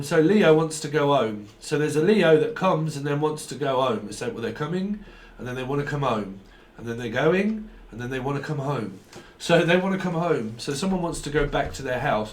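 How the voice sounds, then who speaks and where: A man's voice: a little high, expressive, normal speed. A man giving a rambling tarot reading, full of wordplay, snatches of song and silly voices. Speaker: tarot reader.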